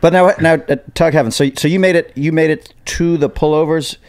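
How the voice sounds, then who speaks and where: A man's voice: a little high, fairly even intonation, fairly quick, no room sound. A man guesting on a podcast, telling stories in an easygoing way and laughing often. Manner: easygoing storyteller, laughs a lot. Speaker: guest, actor and filmmaker. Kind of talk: casual chat. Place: home studio room.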